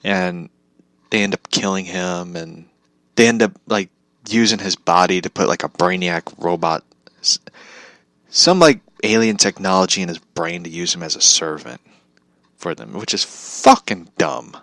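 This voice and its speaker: A young man rambles casually through a vlog monologue in a low, unhurried, fairly bright voice, laughing often, swearing, and restarting sentences. There's no room sound.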